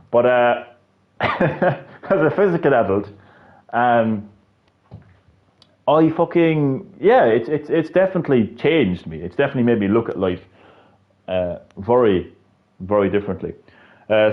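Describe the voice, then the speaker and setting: Rambling sweary Irish man, low voice. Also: narrow, tinny audio. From Ireland. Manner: rambling and sweary, many restarts. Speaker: gaming channel host. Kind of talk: casual livestream chat.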